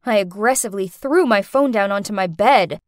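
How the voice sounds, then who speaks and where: A woman's voice: medium pitch, moderate pace, no room sound, clean studio sound. A woman narrating a first-person story as an exasperated teenage girl, with a dramatic delivery.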